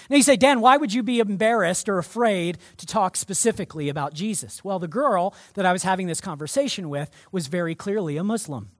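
A male pastor delivering a sermon to his church in an emphatic, energetic way. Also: high-pitched, fairly quick, few pauses, dry recording, clean studio sound.

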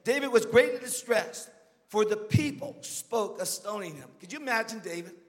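A man's voice: high voice, expressive, normal speed, long reverb tail. A man preaching a sermon as a guest speaker, emphatic and calling out to the congregation.

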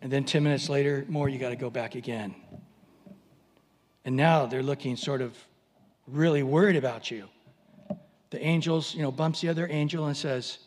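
High-voiced preacher telling a story, acting out voices, long hall reverb. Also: male voice, a little fast, pauses often. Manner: animated storytelling with acted voices. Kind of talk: sermon.

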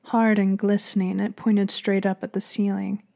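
A woman narrating an erotic audiobook in a soft, half-whispered reading voice. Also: mid-range voice, flat delivery, normal speed, creaky.

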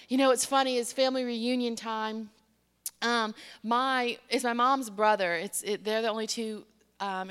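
A woman's voice: mid-range voice, clear, resonant tone. An older woman, a pastor telling a personal story in a conversational sermon and acting out the people she quotes. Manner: lively, conversational, acts out quoted voices. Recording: long hall reverb.

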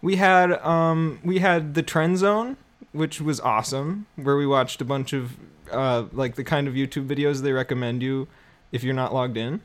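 A man's voice: mid-range voice, fairly even intonation, moderate pace. Rambling male podcast co-host. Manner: rambling, restarts, playful. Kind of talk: casual comedic chat.

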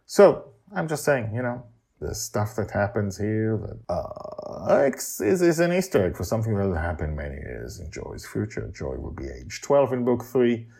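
A man telling his own storybook tale and chatting to listeners with rambling asides. His voice is low, gravelly and a little husky. It leaps around in pitch as he gets animated. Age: older. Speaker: podcast storyteller and author. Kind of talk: storybook narration and casual chat.

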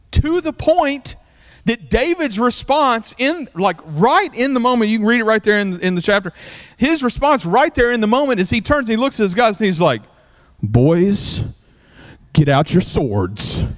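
A man preaching a sermon, retelling a story in a loose, animated way with many fillers. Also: very high voice, normal speed. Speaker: pastor.

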